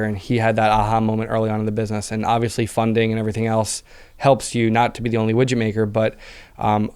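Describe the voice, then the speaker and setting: A man in his thirties, a guest on a podcast, telling his story in animated, casual talk full of fillers like "um" and "like.". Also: lowish voice, clear, resonant tone. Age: 30s. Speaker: podcast guest, business owner. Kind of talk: casual interview chat.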